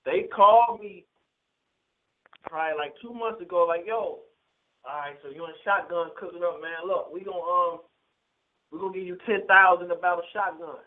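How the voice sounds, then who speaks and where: A man's voice: sits high, moderate pace. A man, a battle rapper, telling a long story in a casual interview, rambling loosely and retelling conversations. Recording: lo-fi phone-like sound.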